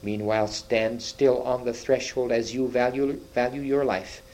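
A man voicing a large, menacing male wolf guard with a growling voice and loud commanding challenges. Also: mid-range voice, steady tone, moderate pace, natural voice, low-quality recording. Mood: challenging.

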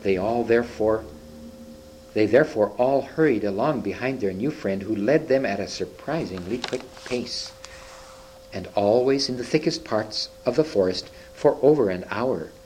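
A man reading a children's story aloud, expressive, with occasional slips and restarts. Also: lowish voice, moderate pace, slight background noise, rough recording. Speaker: reader.

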